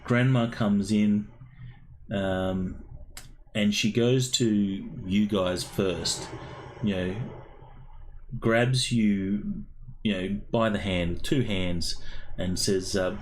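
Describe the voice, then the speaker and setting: A man narrating a tabletop role-playing game as game master, halting with many pauses and fillers. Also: lowish voice, steady tone, a little hiss or hum, rough recording.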